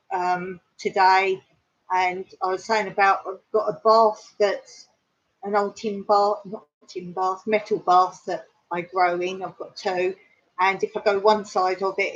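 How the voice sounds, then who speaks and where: Woman doing a laid-back live chat from home, slow, chatty, muffled lo-fi sound. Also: mid-range voice. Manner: unhurried, chatty, clears her throat. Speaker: live stream host. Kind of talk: casual live chat and joke-telling. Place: home in the countryside. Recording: dull lo-fi live stream audio.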